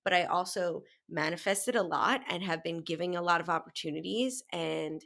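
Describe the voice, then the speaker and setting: A woman's voice: lowish voice, normal speed, gravelly, a bit bright. A woman co-hosting a casual spiritual podcast, bubbly and playful, acting out voices in her stories. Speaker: podcast co-host.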